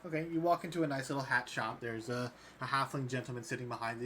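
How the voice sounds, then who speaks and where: A man's voice: medium pitch, steady tone, quick pace, pushed and bright, a little hiss or hum. Laid-back man narrating a tabletop game. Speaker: dungeon master.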